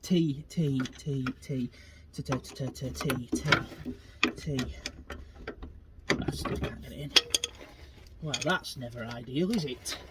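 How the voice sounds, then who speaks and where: A man's voice: mid-range voice, slow. A man who works on a car himself, muttering and grumbling to himself while lying underneath it. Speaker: home mechanic vlogger. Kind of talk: muttering commentary while working. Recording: loud background noise, workshop clatter.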